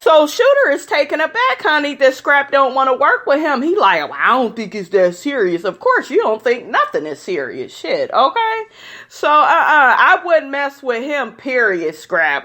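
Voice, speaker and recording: Woman vlogger, somewhat high voice, opinionated reality-TV recap, sassy and blunt. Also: a bit bright. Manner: sassy, blunt, says "honey" often.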